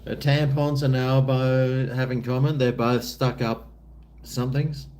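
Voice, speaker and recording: A man's voice: mid-range voice, level tone, unhurried, darkish tone. An Australian man chatting casually on a live stream, laid-back and drawling with crude banter, answering his viewers.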